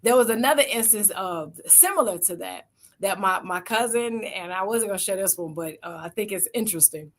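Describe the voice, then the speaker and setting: A woman's voice: medium pitch, a little fast. A middle-aged woman giving a motivational talk as an event speaker, telling stories and acting out the voices of the people in them. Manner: storytelling, acting out quoted voices.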